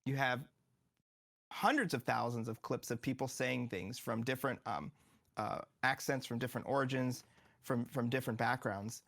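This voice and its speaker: A man's voice: mid-range voice, normal speed, gravelly, fairly bright tone. A man appearing as a game developer guest in a casual studio interview, eagerly explaining and acting out what players say.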